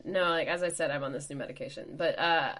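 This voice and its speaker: Low-voiced woman, animated storyteller. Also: fast. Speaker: podcast co-host. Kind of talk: casual chat.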